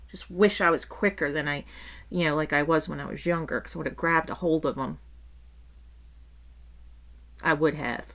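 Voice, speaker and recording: A middle-aged woman telling a story in a casual rant, swearing freely and acting out what people said. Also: lowish voice. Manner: animated, swears casually, acts out quotes. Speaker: vlogger.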